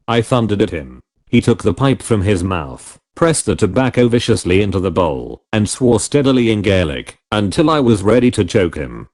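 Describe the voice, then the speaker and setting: A man's voice: fairly low pitch, animated, normal speed, hardly any pauses, darkish tone. A man narrating a classic novel in the first person for an audiobook, telling it expressively. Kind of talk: scripted narration.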